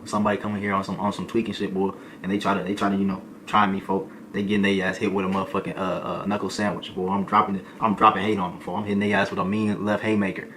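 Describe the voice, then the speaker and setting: A young adult man, a streamer, telling a comedic storytime in an animated, slangy way, peppering his lines with "boy" and "folk". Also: lowish voice, a little hiss or hum.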